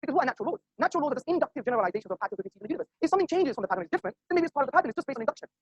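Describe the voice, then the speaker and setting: Male debater, very fast and assertive, husky tone, dry close sound. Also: very high voice, sing-song, no echo, lo-fi sound. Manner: rapid, assertive, argumentative, with pointed asides to the audience. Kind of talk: formal debate speech. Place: auditorium before a live audience.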